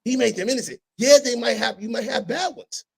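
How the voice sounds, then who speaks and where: A man hosting a casual podcast, telling stories with animated delivery and sudden loud impressions. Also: very high voice, brisk, gravelly, breathy edge, low-quality recording. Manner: animated storytelling, breaks into loud shouted impressions. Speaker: podcast host.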